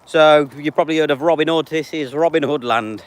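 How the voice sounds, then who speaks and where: A man's voice: on the high side, a little fast. Male streamer, 30s, casual and chatty, answers chat directly. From England. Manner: reads out viewer names and answers them offhand. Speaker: live streamer.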